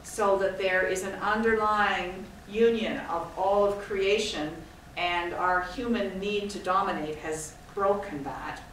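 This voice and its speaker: A woman from Scotland gives a chatty, digressive talk to a live audience, poking fun at herself along the way. Her voice sits at an ordinary pitch and is picked up from a distance. It rings out in a very echoey room with a faint hiss underneath. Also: fairly even intonation, unhurried, hardly any pauses, fairly bright tone. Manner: chatty, digressive, self-deprecating. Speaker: guest speaker. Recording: echoey hall from far off, faint noise.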